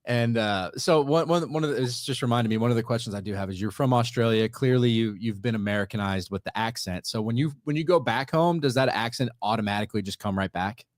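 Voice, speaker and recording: A man's voice: mid-range voice, fast talker, few pauses, no echo, clean studio sound. A man in his forties hosting a podcast, talking in an easygoing, agreeable way with frequent restarts. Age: 40s. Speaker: podcast host. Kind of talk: casual podcast chat.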